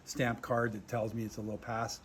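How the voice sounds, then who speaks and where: A man tells an interview story with lots of fillers, animated swings and some swearing, speaking outdoors. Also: on the low side, a little fast, noisy background. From Canada. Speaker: aid worker telling a war story. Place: outdoors in a war zone.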